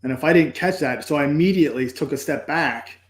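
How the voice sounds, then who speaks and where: A man's voice: fairly high pitch, a little fast. Earnest man telling a story in a roomy space. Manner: earnest, reflective, with restarts. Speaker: guest. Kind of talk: personal storytelling in a podcast interview.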